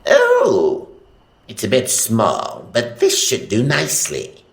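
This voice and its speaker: A man voicing a scheming old male wizard villain in a storybook audio tale, with a theatrical, drawn-out, whiny delivery. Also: medium pitch, wildly swooping pitch, gravelly, breathy edge, no echo, voice pushed up, full character voice. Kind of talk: storybook voice acting.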